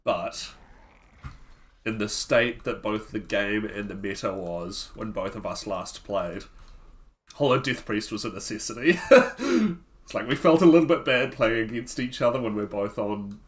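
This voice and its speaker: Low-voiced man commenting on gameplay. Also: normal speed. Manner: thinking aloud, answering chat between plays. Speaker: streamer.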